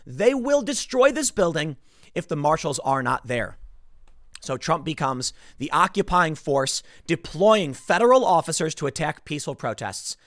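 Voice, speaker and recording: A man's voice: fairly high pitch, sing-song, normal speed, no room sound, clean studio sound. A man hosting casual political commentary, emphatic and exasperated in how he talks.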